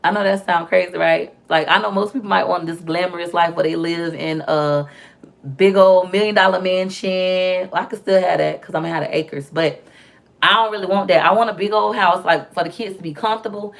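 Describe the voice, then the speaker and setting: A young woman talking casually to her viewers, her low voice carrying a gravelly edge. She chats in an animated, storytelling way, full of slang and quick asides. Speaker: vlogger. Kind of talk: casual chat to camera.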